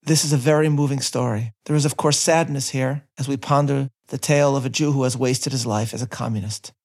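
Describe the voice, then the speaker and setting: A man, likely a rabbi, giving a measured, earnest sermon and quoting scripture in Hebrew. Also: medium pitch, steady tone, a little mellow. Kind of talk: sermon reading.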